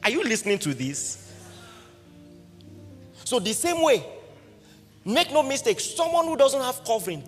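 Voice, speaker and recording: High-voiced Nigerian preacher telling a story. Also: male voice, a little slow, long pauses. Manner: lively anecdotal preaching, frequent rhetorical questions. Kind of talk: storytelling sermon. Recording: reverberant hall with faint music.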